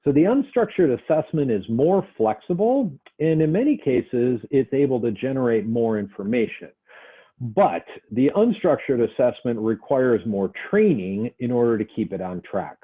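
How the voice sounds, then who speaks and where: A man's voice: mid-range voice, big pitch swings, moderate pace, slightly rough. A male instructor giving a conversational lecture, acting out short example dialogues as he teaches. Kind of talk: recorded lecture. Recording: tinny phone-like audio.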